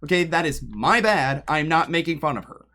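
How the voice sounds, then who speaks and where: A man with a fairly high voice talks casually to his livestream chat from a room at home. He rambles and jokes as he goes, and his voice sometimes drifts off the mic when he moves around. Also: expressive, normal speed, pushed and bright. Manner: drifts away from the mic while moving around.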